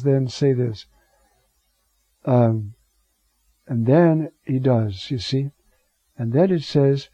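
A man's voice: medium pitch, dark tone, dry recording. A man preaching on scripture, digressive, with rhetorical asides and Hebrew words. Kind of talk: scripture teaching sermon. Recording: dull lo-fi recording.

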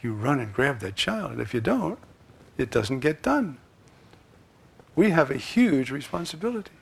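A man preaching a sermon, swinging from loud, emphatic lines to hushed asides. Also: medium pitch, sing-song, normal speed, vocal fry, husky.

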